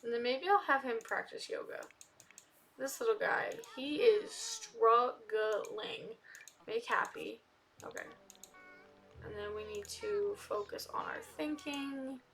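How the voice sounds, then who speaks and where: Young woman, casual gameplay commentary, bright tone, fairly high voice, chatty and indignant, mouse clicks behind. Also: lively intonation, normal speed. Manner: chatty, talks to the game characters, gets loud and indignant. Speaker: gaming video creator.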